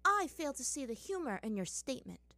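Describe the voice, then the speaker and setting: A woman voicing a cold, sharp-tongued teenage princess. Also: high voice, a little fast, dry recording, voice pushed up, exaggerated voice. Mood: cutting. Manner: flat, cutting.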